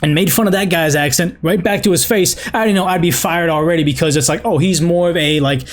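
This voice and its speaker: A man's voice: fairly high pitch, brisk. A man with a Boston accent hosts a show where he reads online stories aloud, then gives rambling, opinionated commentary full of restarts. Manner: rambling, many restarts and fillers. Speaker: host reading and judging online stories.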